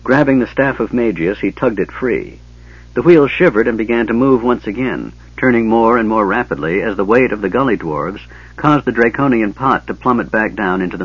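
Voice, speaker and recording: Low, husky-voiced man narrating. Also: dry recording, lo-fi sound. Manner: steady storytelling. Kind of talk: scripted narration.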